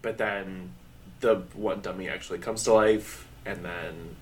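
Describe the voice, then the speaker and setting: A man's voice: sits low, fairly even intonation, unhurried, a little hiss or hum. A man co-hosting a podcast in casual chat, rambling and laughing often as he acts out quotes. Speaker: podcast co-host.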